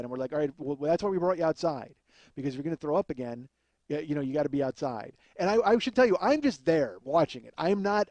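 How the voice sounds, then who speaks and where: A man's voice: sits high, mellow, dry recording. Rambling, profane male comic storyteller. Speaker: podcast host. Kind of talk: comedic storytelling.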